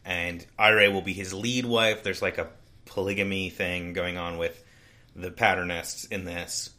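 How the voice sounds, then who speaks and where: Chatty man with a bright voice. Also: low-pitched, steady tone, unhurried. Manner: rambling, with frequent restarts and "like". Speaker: podcast co-host. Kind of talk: casual book discussion.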